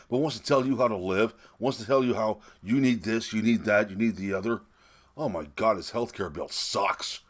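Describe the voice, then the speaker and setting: A man's voice: fairly low pitch, breathy edge. A man vlogging a solo opinion rant, mocking and profane, breaking into laughs between complaints. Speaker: political vlogger.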